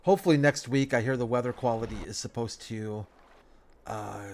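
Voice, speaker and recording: A man, sounding stuffed up, giving relaxed, rambling commentary over a game as a let's play host, talking half to himself with folksy phrases. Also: medium pitch, normal speed, noisy background. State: stuffed up nose. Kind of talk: casual gameplay commentary.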